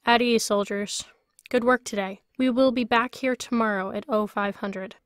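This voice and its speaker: A woman's voice: on the high side, steady tone, normal speed, no echo, studio quality, lightly acted. A woman voicing a tough, terse female trainer at a space academy who barks clipped orders. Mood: commanding. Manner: clipped barked commands.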